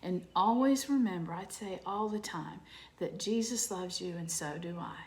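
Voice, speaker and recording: Woman teacher for small kids, gentle, sing-song, asks questions. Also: fairly low pitch, normal speed. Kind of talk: teaching young children.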